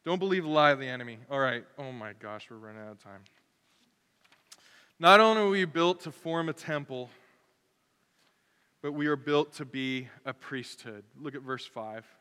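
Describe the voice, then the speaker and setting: A man preaching a sermon as pastor, lively and conversational, acting out the voices of people in his stories. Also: medium pitch, moderate pace, pauses often, smooth. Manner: animated, acts out voices of others. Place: church sanctuary. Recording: long hall reverb.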